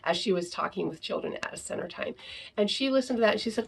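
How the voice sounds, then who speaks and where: Husky gravelly woman teaching parents. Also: mid-range voice, lively intonation, fast talker. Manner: peppers sentences with tag question "right?"; acts out example phrases to children. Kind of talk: informal teaching talk to parents.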